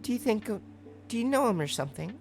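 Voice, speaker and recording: Male reader as a blunt, curious teen girl, raised pitch. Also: sing-song, fast, faint music behind.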